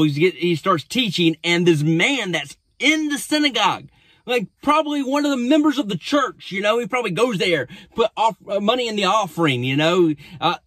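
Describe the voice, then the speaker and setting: A man's voice: sits high, expressive, moderate pace, a bit bright, dry recording. A man, a pastor, recapping a sermon in a casual storytelling way with frequent restarts.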